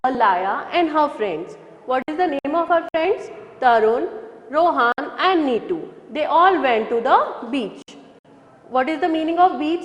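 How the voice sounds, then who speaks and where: A woman with an Indian English accent teaching a reading lesson to young children, spelling words out slowly letter by letter. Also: high-pitched. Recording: echoey room with long reverb.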